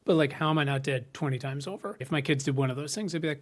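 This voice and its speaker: Middle-aged man, fairly high voice, lively profane storyteller, casual co-host. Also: racing. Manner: animated storyteller, swears freely, acts out quotes. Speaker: podcast co-host. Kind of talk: casual chat.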